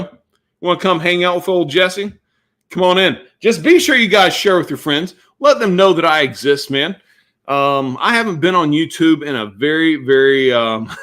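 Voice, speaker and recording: Rambling male live-streamer, casual chat. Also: on the high side. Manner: rambling, repeats himself, warm and effusive. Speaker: fragrance influencer streaming live. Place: home room lined with fragrance bottles.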